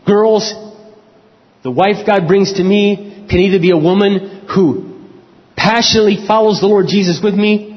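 Middle-aged guy preaching, high voice, muffled lo-fi sound, big echoey church hall. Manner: animated preaching, acting out prayers and quotes. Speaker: pastor. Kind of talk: sermon. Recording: dull lo-fi recording in a reverberant hall.

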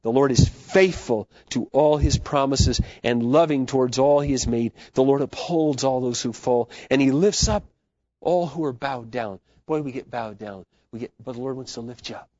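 A man preaching a sermon as pastor, swinging between loud, fervent declarations and soft, hushed asides. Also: medium pitch, moderate pace, no echo. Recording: dull, lo-fi sermon recording.

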